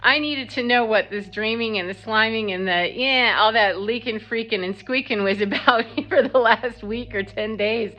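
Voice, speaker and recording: A woman's voice: on the high side, moderate pace, few pauses, bright, forceful tone, muffled recording. A woman casually telling a long, rambling personal story, laughing often and quoting herself and others. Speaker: spiritual vlogger.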